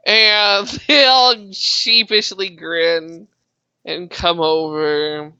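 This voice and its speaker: A woman narrating as dungeon master of a tabletop game, unhurried and halting with fillers. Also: lowish voice, steady tone, sharp tone, smooth, no echo, dull audio.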